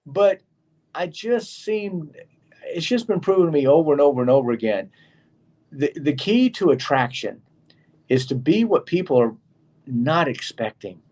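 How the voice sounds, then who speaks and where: Animated middle-aged man telling stories. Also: fairly high pitch, moderate pace, pauses often. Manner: animated storyteller acting out quoted people. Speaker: co-host. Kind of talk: casual show chat.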